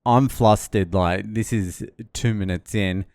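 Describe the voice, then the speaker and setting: A man's voice: on the low side, slow pace, dry recording. A middle-aged man swearing freely as he recounts a stressful arrival in a casual travel vlog. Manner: swearing, animated storytelling. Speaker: vlogger.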